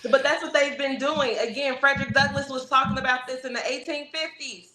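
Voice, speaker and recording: A woman's voice: sits high, steady tone, fairly quick, background noise. Emphatic woman in an echoey room. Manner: emphatic, preacherly, acts out voices in her examples. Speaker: podcast guest. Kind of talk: political talk show discussion.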